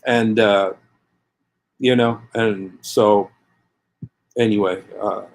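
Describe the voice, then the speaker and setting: A man's voice: lowish voice, steady tone, slow. A man preaching passionately to his viewers, hammering the same phrases again and again and leading them in prayer. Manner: calls listeners to pray along with him. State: angry. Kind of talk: impassioned preaching to camera.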